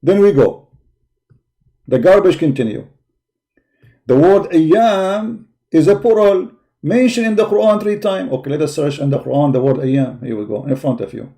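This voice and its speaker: A man's voice: on the high side, moderate pace, vocal fry, mellow. A man hosting a live call-in debate stream, mocking and insulting his opponents with emphatic repetition, his voice tired. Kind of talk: combative livestream commentary while searching a website.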